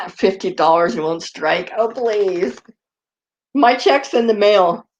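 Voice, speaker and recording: A woman's voice: medium pitch, sing-song, takes it slowly, dull audio. A woman vlogger chatting casually and rambling, often turning to talk to her dogs. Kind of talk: casual chat.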